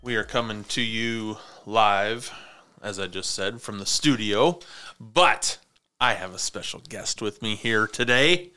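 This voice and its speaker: Bright, smooth-voiced podcast host man. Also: fairly low pitch, measured pace, faint music behind. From Montana. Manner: joking, swears freely, rambling storyteller. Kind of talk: casual chat. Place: small podcast studio.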